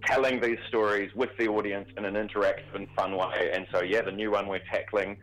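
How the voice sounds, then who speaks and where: Casting: lower-voiced male radio guest, animated, filler-heavy, lively storyteller. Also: brisk, rough recording. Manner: animated, chatty with many fillers. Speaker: theatre performer. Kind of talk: interview guest.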